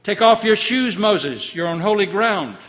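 A man voicing God calling out from a burning bush, shouting in a high, commanding voice. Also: lively intonation, measured pace, big-room sound.

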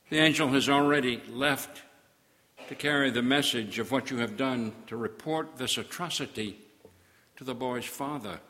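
A man delivering a dramatic, accusing sermon monologue, swinging between hushed and loud. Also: medium pitch, moderate pace, in a large hall.

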